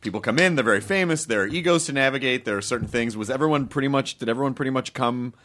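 A man's voice: medium pitch, racing, fairly bright tone. A man hosts a casual podcast interview with a mid-range voice. His questions ramble and circle as he feels his way toward the point. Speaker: podcast host.

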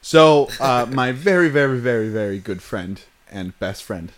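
A man's voice: medium pitch, expressive, unhurried, crowd noise. Jokey man hosting a podcast. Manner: jokey, rambling. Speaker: podcast host. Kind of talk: casual podcast banter.

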